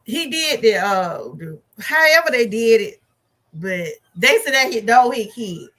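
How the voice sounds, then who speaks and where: Bright-voiced chatty woman. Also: a little high, unhurried. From Georgia, USA. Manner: animated, chatty storytelling with laughs and asides. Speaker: movie review vlogger. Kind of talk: casual chat.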